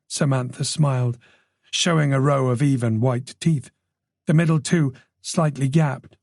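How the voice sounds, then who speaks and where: A man narrating a thriller audiobook in a measured storytelling manner. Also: mid-range voice, fairly even intonation, vocal fry, a little mellow, dry recording, clean studio sound. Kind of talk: scripted narration.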